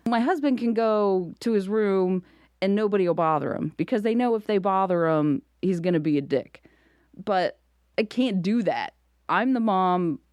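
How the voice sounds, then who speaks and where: A woman's voice: medium pitch, normal speed, smooth, no echo, studio quality. A middle-aged woman, a comedian guest on a podcast, telling stories in casual chat and laughing often. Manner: animated storyteller, laughs often.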